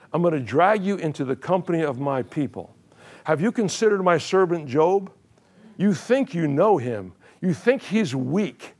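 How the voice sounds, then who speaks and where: A man's voice: medium pitch, a little mellow. An older man preaching a sermon in a church, telling a story with chuckles and many repeated words. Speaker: pastor.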